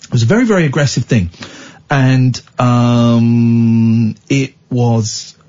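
A man's voice: mid-range voice, slow. A radio phone-in host, a man, telling a story in casual talk-radio style and acting out the people in it. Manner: lively storyteller who acts out the people in his stories. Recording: dull lo-fi radio broadcast.

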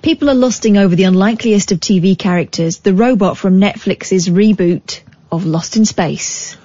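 A woman's voice: medium pitch, normal speed, dark tone, no room sound. A woman co-hosting a radio show, chatting in an easygoing, casual way. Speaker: radio co-host. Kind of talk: casual talk radio chat. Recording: dull lo-fi radio broadcast.

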